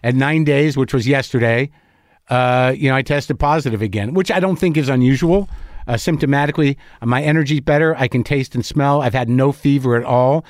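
With studio-quality, echo-free audio, a male comedian and podcast host speaks briskly in a mid-range voice that's stuffy, scratchy and somewhat tired. His monologue is casual and rambling, loose in manner, with plenty of swearing and self-directed jokes.

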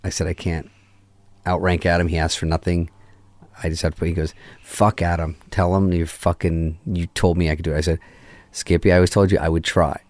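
Speaking a little fast in a deep, low voice, a middle-aged man shares a story as a guest in relaxed conversation. He swears without restraint and animatedly performs each person's dialogue. The recording is close and dry, with no echo or room sound.

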